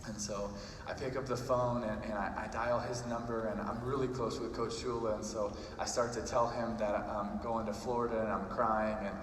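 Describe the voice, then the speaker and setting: A man's voice: on the low side, little pitch movement, normal speed. A man, giving a motivational speech and telling a story that builds to emphatic repetition. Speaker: guest speaker. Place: large arena. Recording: roomy arena echo, distant mic, noisy.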